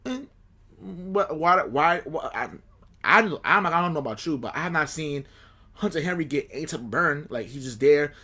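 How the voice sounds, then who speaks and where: A man with a slightly high, pushed and bright voice talks at a moderate pace with lively intonation. Co-hosting a casual sports podcast, he vents animatedly about his team, frustrated and repeating himself in typical fan chatter.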